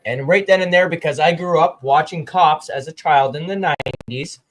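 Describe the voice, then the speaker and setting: A man in his thirties hosts a casual chat and tells his own stories in a laid-back way. His voice sits a little higher than most men's. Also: moderate pace. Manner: laid-back, chatty, affirming.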